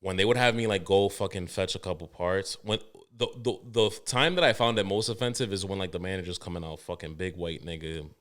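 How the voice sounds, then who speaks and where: Man, podcast host, casual chat, lowish voice, animated, cursing, laughing. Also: a little fast, few pauses.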